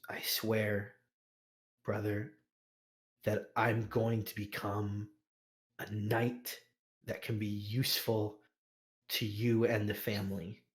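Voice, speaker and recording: A man voicing an earnest young man about to leave home, speaking in a quiet, solemn and sincere way in a tabletop role-play. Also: lowish voice.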